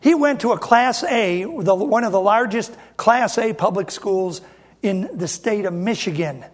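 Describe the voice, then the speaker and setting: Man, middle-aged, preacher, high-pitched, emphatic sermon, talks straight to the congregation. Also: lively intonation, a little slow. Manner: emphatic, repeats phrases for effect, addresses the congregation directly. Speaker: independent Baptist preacher.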